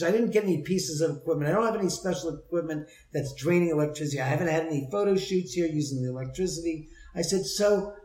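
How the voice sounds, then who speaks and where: A man telling a long story in casual conversation, heated, profane and animated. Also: fairly high pitch. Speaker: storyteller, homeowner with a haunted house. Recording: roomy echo.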